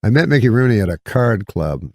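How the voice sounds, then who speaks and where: A comedian telling a rambling story in a deadpan way, with halting restarts. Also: male voice, fairly low pitch, no room sound, studio quality. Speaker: comedian guest. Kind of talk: casual storytelling on a podcast.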